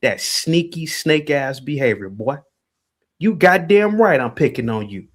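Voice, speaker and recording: A livestream host rants heatedly, taunting a caller with repeated jabs and calling him out. His voice is on the high side, with lively intonation and a measured pace.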